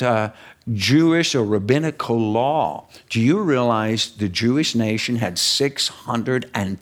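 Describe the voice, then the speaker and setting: A male preacher delivering a sermon with a lively, swooping voice that rises and falls across every phrase. He talks at an unhurried pace and draws out the words he wants to land. His pitch sits a little high for a man. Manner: animated, emphatic, stretches key words slowly.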